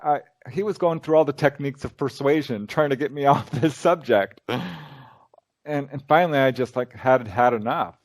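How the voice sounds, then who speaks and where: This UFO researcher and lecturer, appearing as an interview guest, has a mid-range voice and talks at normal speed. His storytelling is relaxed but lively, and he performs the lines of dialogue he quotes.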